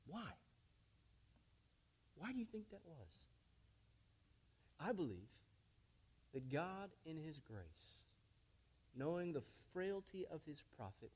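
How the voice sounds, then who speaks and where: A male pastor preaching a sermon in short phrases with dramatic pauses and shifting emphasis, mixing scripture retelling with folksy asides. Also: a little high, a little mellow.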